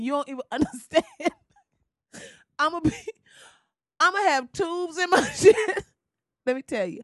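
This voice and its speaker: A young adult woman delivering a loud, profane comedic rant, laughing and swearing as she tells the story. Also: sits high, no room sound, studio quality. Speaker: commentator.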